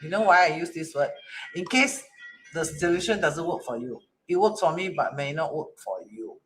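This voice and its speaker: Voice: medium pitch, animated, normal speed, fairly bright tone, faint music behind. A Chinese metaphysics teacher talking casually to an online class, speaking colloquial English with "lah" and "lor" and often asking "correct?". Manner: chatty, asks rhetorical "correct?" often.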